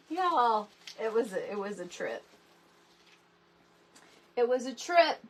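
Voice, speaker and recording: A middle-aged woman hosting a casual craft tutorial livestream, chatty and animated, greeting viewers by name from her home craft room. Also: on the high side, slow. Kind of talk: casual live crafting chat.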